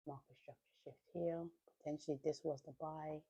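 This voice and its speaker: Woman, day trader, live trading commentary, thinking aloud, deep voice, rough fry. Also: little pitch movement, fairly quick, dark tone, highs cut off. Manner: thinks aloud, talks to herself, slangy quips.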